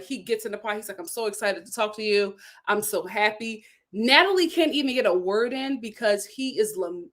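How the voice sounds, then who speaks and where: A woman hosting a vlog, giving blunt, sassy commentary while recapping a reality show. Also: a little high. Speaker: vlog host.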